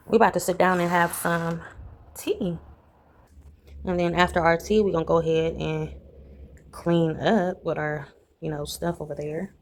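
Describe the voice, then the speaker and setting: A young adult woman, chatting casually to camera at home as a vlogger and telling stories in a lively way. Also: on the low side, a little hiss or hum, low-quality recording. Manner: chatty storytelling, animated when retelling. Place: home, indoors.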